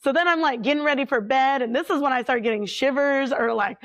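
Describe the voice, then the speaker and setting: Woman, fairly high voice, paranormal investigator guest, casual storytelling, animated and chatty. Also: quick pace. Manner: chatty, animated, fond of filler words.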